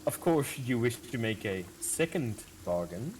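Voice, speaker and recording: A man's voice: medium pitch, big pitch swings, measured pace, a little mellow, a little hiss or hum. A man voicing a smug fey creature who offers bargains in a grand, teasing manner. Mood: sly.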